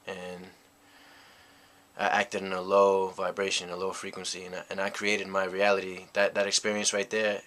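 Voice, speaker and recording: A man's voice: low voice, completely flat delivery, moderate pace, fairly bright tone. A young man from the United States tells a personal story in a rambling, reflective way, full of "you know" fillers. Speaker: vlogger. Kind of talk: casual storytelling monologue.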